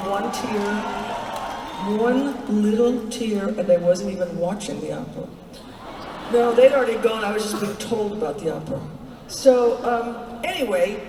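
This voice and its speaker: Woman, fairly high voice, wry rambling stage storyteller, taped from the crowd in a big reverberant arena. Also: dark tone, a little hiss or hum. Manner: chatty, wry, full of asides and fillers. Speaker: concert performer telling a story on stage. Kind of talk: storytelling between songs. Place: large indoor arena. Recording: distant audience recording in an echoing arena. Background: crowd ambience.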